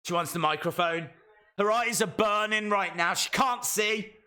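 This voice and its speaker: A man streaming a live wrestling watch-along, reacting with jokes and sudden shouted mimicry. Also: high-pitched, measured pace, clean tone. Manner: animated, jokey, mimics wrestlers in shouted bits.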